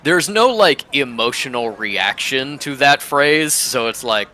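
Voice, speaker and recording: Male game master, halting delivery, slow and bright. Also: mid-range voice, expressive. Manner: halting, full of fillers. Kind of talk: narrating a tabletop game.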